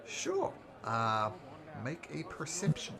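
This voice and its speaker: A man narrating as game master, describing scenes in a relaxed way with fillers. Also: fairly high pitch, slow, a crowd in the background.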